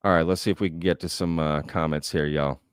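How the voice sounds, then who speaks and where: Low-voiced man hosting livestream. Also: steady tone, fast talker, smooth, dry recording, clean studio sound. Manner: conversational, thinking aloud with frequent "right?" and "um". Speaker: host. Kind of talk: livestream Q&A, reading chat comments.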